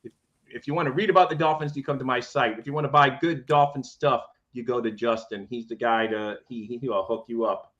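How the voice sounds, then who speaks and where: A man's voice: mid-range voice, fairly even intonation, fairly quick, a bit bright. Chatty man on dull lo-fi audio. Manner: rambling, loose and chatty. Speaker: podcast co-host. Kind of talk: casual sports chat.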